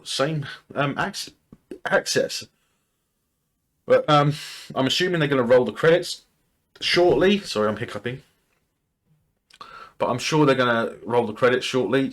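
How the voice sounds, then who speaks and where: A man's voice: mid-range voice, a bit bright. A man hosting a TV reaction video, casually thinking aloud and speculating, often restarting his sentences.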